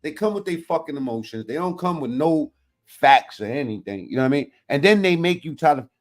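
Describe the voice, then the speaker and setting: A man's voice: fairly high pitch, lively intonation, brisk. A man giving blunt, profane, rambling commentary as he reacts to video clips. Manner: blunt, heavy swearing, rambling street talk.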